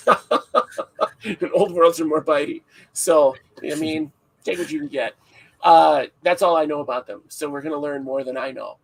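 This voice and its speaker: A man's voice: a little high, a little slow, creaky, low-quality recording. A man hosting a casual livestream podcast, rambling and joking with frequent laughs, sounding tired. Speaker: podcast host.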